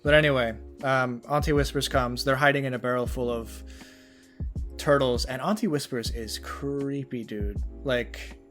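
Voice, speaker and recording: A man at a middle pitch talks casually as a podcast co-host. He rambles, circling back with "like" and "you know" as his enthusiasm carries him along. Faint music sits quietly underneath. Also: fairly even intonation, moderate pace. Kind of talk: casual chat.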